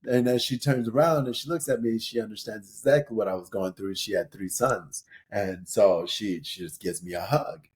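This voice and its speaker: A man's voice: fairly low pitch, normal speed, few pauses. A middle-aged man from St. Paul, a podcast guest telling personal stories in a casual, rambling way with lots of "you know" and laughter. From St. Paul, Minnesota, USA. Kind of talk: casual interview storytelling.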